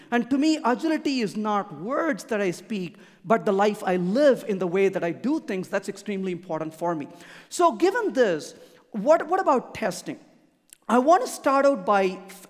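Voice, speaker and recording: Animated, emphatic speaker in a reverberant hall. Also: medium pitch. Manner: emphatic, repeats points for emphasis. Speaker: conference speaker. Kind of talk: conference keynote talk.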